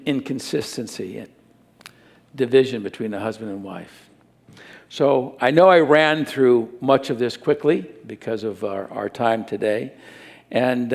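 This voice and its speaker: A man delivers a sermon with a gravelly, creaky voice at a mid pitch. He speaks earnestly, repeating key points and sinking into soft tones. The sound carries the long reverb of a church hall. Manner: earnest, repetitive emphasis, drops to soft tones. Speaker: pastor.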